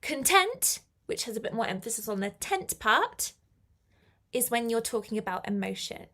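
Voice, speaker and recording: Lady doing a live english lesson online, kinda high voice w/ some vocal fry, chatty, encouraging. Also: sharp tone. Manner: chatty and encouraging, reads out viewer comments. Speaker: English teacher.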